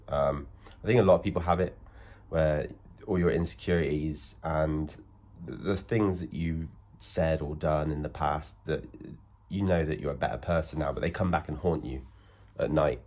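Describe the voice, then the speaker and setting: A man's voice: very deep voice, darkish tone. Dry man talking in his bedroom. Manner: dry, hesitant with many ums when earnest. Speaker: comedy host and musician. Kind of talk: comedy sketch, then interview.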